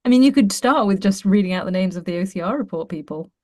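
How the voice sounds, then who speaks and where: Woman co-host, casual chat, teasing and playful, lively pitch, dry close sound. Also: quick pace, no room sound. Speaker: podcast co-host.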